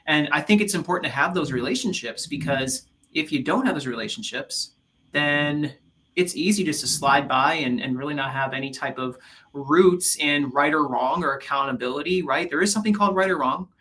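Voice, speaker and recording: Bright-voiced man telling stories. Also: on the high side, brisk, slight background noise. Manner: animated storyteller, many restarts. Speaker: podcast co-host. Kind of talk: casual faith-based chat.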